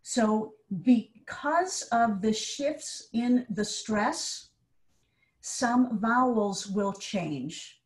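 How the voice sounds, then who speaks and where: Woman, Hebrew teacher in a video lecture, unhurried and clear. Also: fairly high pitch, expressive. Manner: patient, explains step by step. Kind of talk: online class lecture.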